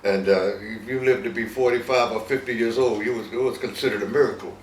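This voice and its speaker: A man's voice: mid-range voice, steady tone, fast talker. A man in his eighties with a Southern American accent, telling stories in a rambling, chuckling way during an interview. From Virginia, US. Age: 80s. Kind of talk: casual storytelling interview. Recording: roomy, distant mic with faint noise.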